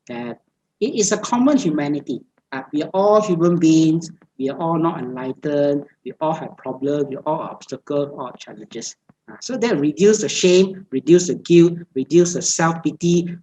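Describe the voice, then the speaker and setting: A woman gives a Buddhist dharma talk over a video call, her voice low. She speaks in repetitive, list-like phrases and often stops on hesitant fillers. Faint noise sits behind her. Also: a little mellow, low-quality recording. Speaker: meditation teacher.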